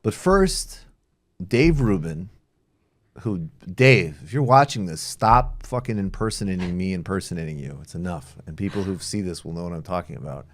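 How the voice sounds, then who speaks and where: Deep-voiced, animated male podcast host. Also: normal speed. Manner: animated, swearing, joking. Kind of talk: casual political chat.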